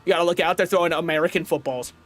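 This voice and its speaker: High-pitched dude streaming a kart race, swearing a lot, faint game music under him. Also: male voice, racing. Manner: excitable, profane banter with chat. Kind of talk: live gameplay commentary.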